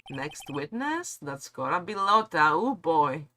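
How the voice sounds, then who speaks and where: A woman's voice: sits low, very animated, a little slow, few pauses, fairly bright tone, a little hiss or hum. A young woman streaming a game playthrough, playful and self-mocking.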